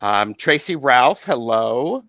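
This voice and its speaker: A man as a guest in a casual video chat, measured and friendly, with frequent fillers. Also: mid-range voice, big pitch swings, fairly bright tone, muffled recording. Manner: measured, friendly, praising others with many fillers.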